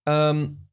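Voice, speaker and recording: Pria yang bercerita dengan hidup. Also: male voice, a little high. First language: English. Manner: animated storytelling, acts out voices for effect. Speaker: podcast co-host. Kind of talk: casual bilingual chat.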